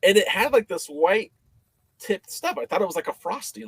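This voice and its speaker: A man's voice: sits high, normal speed, breathy edge, dry recording. Chatty man telling a story. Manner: animated, laughing, many fillers and restarts. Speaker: podcast guest. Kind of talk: casual storytelling.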